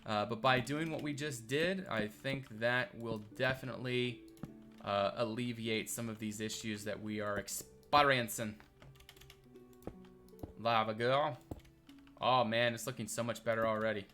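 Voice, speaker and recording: A man's voice: mid-range voice, fairly even intonation, measured pace, pushed and bright, soft background music. A man streaming live, thinking aloud as he builds and chatting back to his viewers in a rambling, casual way. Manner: rambling, thinks aloud, reads and answers chat.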